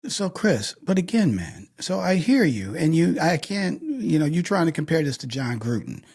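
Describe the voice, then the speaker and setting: A male podcast host in a heated discussion. His voice has a gravelly fry and swings widely in pitch. He hammers each point home with repeated questions to his co-host. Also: sing-song, normal speed, a little mellow. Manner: emphatic, drives points with repeated "okay?" and "right?".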